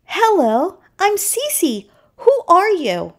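A woman voicing a kind, gentle young female seahorse in a high, sweet voice. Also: wildly swooping pitch, very slow, full character voice.

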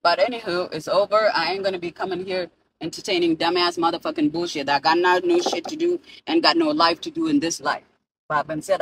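A woman's voice: lowish voice, fairly even intonation, fairly quick, noisy background. A South Sudanese woman in a car, ranting and swearing into her phone camera, switching between languages. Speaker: vlogger. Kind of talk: profane ranting vlog.

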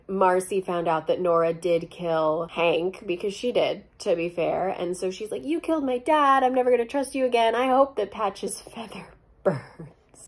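A young woman with a slightly hoarse, mid-pitched voice, rattling through a book recap in a chatty, sarcastic tone. She swears now and then and sounds like she is talking to friends. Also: a little mellow. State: voice going hoarse. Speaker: book reviewer.

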